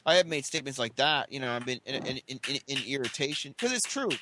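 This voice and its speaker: A man's voice: medium pitch, big pitch swings, quick pace, background noise. A man in casual chat who explains himself defensively, stumbling and restarting his words.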